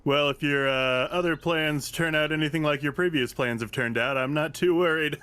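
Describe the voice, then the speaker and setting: A man's voice: fairly high pitch, moderate pace, pushed and bright, smooth. A man voicing a boastful teenage scout who teases his rival. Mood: teasing. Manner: teasing, boastful. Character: cocky teenage boy scout.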